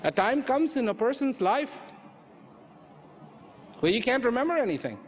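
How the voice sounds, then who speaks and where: A man giving an inspirational talk on inner peace, slow and reflective, repeating phrases for emphasis. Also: extremely high pitch, big pitch swings, slight background noise. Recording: hall reverb with faint ambience.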